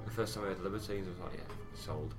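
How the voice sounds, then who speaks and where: A man's voice: deep voice, flat delivery, very fast, over music. A man in his early thirties, a guest, chatting casually with jokey quips and frequent laughter. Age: 30s. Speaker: guest musician. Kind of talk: casual chat.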